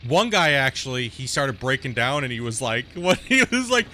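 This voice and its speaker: A man's voice: mid-range voice, normal speed, bright, forceful tone, a little hiss or hum. A man streaming a game live, chatting casually and rambling through stories, often tagging sentences with "right?".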